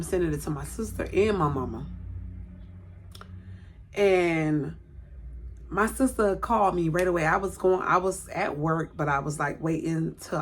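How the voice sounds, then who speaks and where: A woman's voice: low voice, breathy edge. A woman vlogger telling a personal story in a chatty, rambling way, often correcting herself. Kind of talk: casual storytelling to camera.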